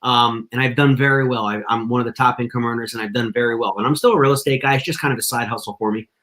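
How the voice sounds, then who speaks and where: A man's voice: medium pitch, steady tone, quick pace, fairly bright tone. A man talking as a podcast guest, telling a story in a casual, slangy way full of "you know" and "dude".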